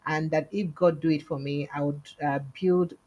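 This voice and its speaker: A woman's voice: low-pitched, steady tone, moderate pace, darkish tone, muffled recording. A Nigerian woman hosting a livestream call-in show, chatting casually and switching into Pidgin as she thanks callers and urges viewers to subscribe. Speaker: livestream host.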